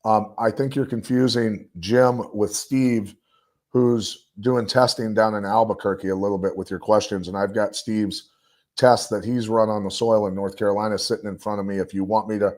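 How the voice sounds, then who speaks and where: Guy on a podcast, lowish voice, goes on and on, lots of you-knows. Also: level tone, normal speed, darkish tone. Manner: rambling, emphatic storytelling with many fillers. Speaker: guest. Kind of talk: casual podcast discussion.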